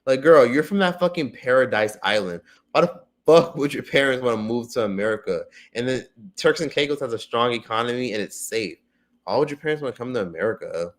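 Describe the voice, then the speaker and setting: Man, livestream host, casual chat, profane, excitable, average pitch. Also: brisk. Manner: profane, excitable, swings from loud bursts to low mutters. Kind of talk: casual livestream chat, reading viewer comments.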